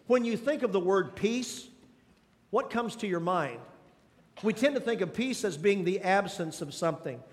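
In a large, reverberant hall, a male pastor with a high voice preaches at a moderate pace, animated and emphatic. He presses the congregation with questions and keeps repeating phrases to drive his points home.

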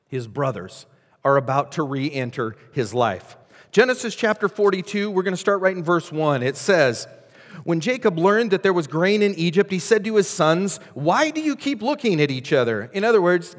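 A man preaching a sermon as pastor, telling a Bible story with dramatic, varied delivery and acted voices. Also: high voice. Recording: long hall reverb.

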